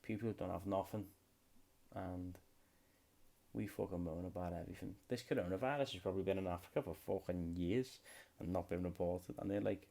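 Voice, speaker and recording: A man's voice: low voice, fairly quick, creaky, mellow. A young British man hosting a solo comedy podcast, rambling freely and swearing a lot. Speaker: podcast host.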